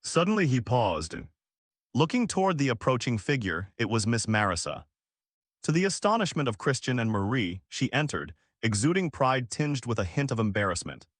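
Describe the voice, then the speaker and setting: A man's voice: mid-range voice, sing-song, normal speed, no echo, studio quality. A man narrating a comic story recap in a scripted storytelling manner.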